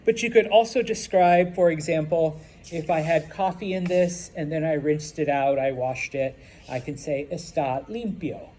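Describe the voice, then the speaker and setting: A man's voice: on the high side, moderate pace, a little mellow, a little hiss or hum. A male Spanish teacher giving a classroom lesson, explaining patiently and checking in with "okay?" and "all right?".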